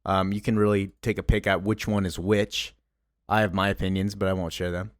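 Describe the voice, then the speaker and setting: A man's voice: sits low, flat delivery, a little fast, noisy background. A man casually retelling a comic book story, rambling with lots of fillers. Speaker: comic book recap host.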